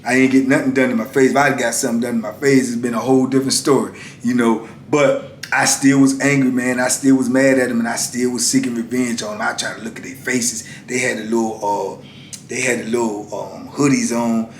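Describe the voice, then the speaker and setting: A middle-aged man telling his own story in a casual, slangy, emphatic way, acting out shouted exchanges. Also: little pitch movement, brisk. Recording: echoey room with faint rumble.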